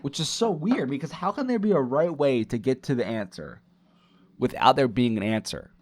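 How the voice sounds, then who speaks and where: A man's voice: mid-range voice, expressive, normal speed. A young man chatting casually as host of his own podcast in a home kitchen, leaning into a broadcast-style voice. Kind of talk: casual chat to camera.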